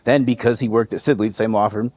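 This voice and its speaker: A man from the United States, a podcast guest, telling stories in a relaxed way and laughing often. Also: fairly low pitch, fast talker. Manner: relaxed, laughs often, quotes others in lively voices. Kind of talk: casual interview storytelling.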